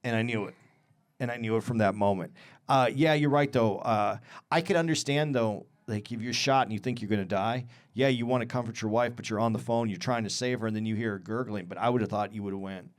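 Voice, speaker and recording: A man co-hosting a podcast in casual chat, animated, often acting out what others said. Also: lowish voice, quick pace. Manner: animated, acts out quotes in a raised voice. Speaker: podcast co-host.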